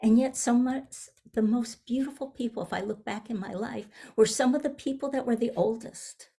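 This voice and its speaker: A woman in her seventies, a minister giving a gentle, reflective sermon, often pausing and restarting her phrases. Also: on the high side, gravelly, slightly rough. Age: 70s. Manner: gentle, searching, with frequent restarts. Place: online service.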